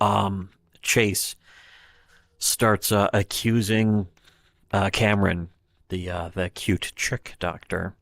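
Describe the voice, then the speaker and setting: A man's voice: fairly low pitch, gravelly, a bit bright, dry recording. A man giving rambling, profane livestream commentary, retelling scenes with quoted voices. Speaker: streamer.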